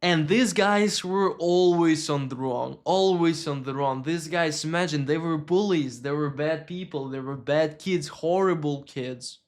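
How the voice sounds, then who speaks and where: A man's voice: on the high side, measured pace, hardly any pauses. A man from Russia, telling a painful personal story on a live stream in a candid, emotional way and swearing when upset.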